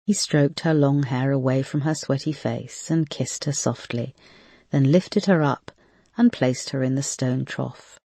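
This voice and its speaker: A measured audiobook narrator, reading a crime thriller in a steady, even storytelling voice. The recording is close and dry, with no room around it. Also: mid-range voice, no room sound. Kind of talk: scripted narration.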